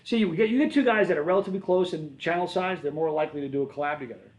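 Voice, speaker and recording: Racing along in a voice on the high side, a man hosts a livestream, reading chat aloud and replying in a rambling, friendly way while often fixing himself mid-sentence. The recording quality is low.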